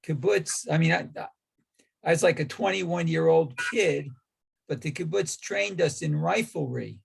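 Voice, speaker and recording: A man in his sixties reads and discusses a text with his teacher, halting and unhurried. His voice is very gravelly, rough and husky, and sits a little high for a man. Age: 60s. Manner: slow, halting reading with frequent okays. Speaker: student.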